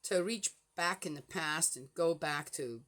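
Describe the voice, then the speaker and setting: An older woman, a grandmother, chatting casually and rambling through a story with many fillers, getting animated and exasperated. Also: sits low, a little slow. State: flushed from a hot flash. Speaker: Bible reading podcaster. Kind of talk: casual chat.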